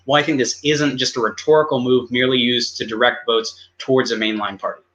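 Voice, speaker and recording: Male debater, bright and sharp, rapid and halting. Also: medium pitch, fairly even intonation, lo-fi sound. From United States. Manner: rapid, halting, many restarts. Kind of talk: online debate, cross-examination.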